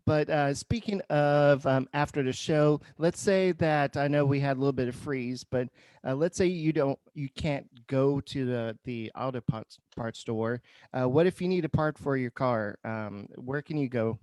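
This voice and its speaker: A man co-hosting a casual sports podcast, talking in a relaxed way with many fillers. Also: medium pitch, moderate pace, clean tone, no room sound. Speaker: podcast co-host.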